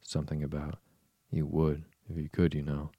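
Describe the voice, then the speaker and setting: A man voicing a tiny, sad, joking male gnat in a slow, soft bedtime storybook reading. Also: very deep voice, monotone, husky, no room sound, highs cut off, full character voice.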